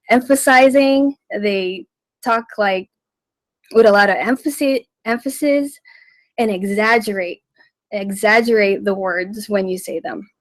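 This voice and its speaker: Slow, measured woman radio teacher. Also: fairly high pitch, no echo, low-quality recording. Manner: slow, deliberate, stresses and repeats words for listeners to copy. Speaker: radio host and language teacher. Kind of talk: radio language lesson.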